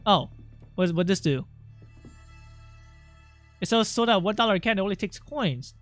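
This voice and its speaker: A young man streaming a video game, chatting casually, swearing, getting excited and reading the game's text aloud. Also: sits high, moderate pace, soft background music. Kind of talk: casual gameplay commentary.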